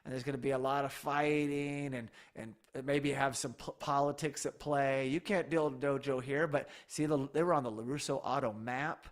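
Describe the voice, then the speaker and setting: A man co-hosting a podcast, talking in an animated, enthusiastic way and often correcting himself. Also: mid-range voice, normal speed, hardly any pauses. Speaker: podcast co-host. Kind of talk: casual podcast chat.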